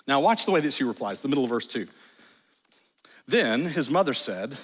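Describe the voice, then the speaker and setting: A man preaching a sermon in a church, animated and jokey, with sudden exclamations. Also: fairly high pitch, normal speed, long pauses. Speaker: pastor. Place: large church sanctuary. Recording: long church hall reverb.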